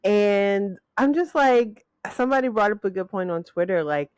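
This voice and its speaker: A woman's voice: mid-range voice, lively intonation, moderate pace, a little mellow, clear, resonant tone, no room sound. A woman co-hosting a podcast in casual chat, rambling and hesitant, full of fillers and trailing thoughts. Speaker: podcast co-host.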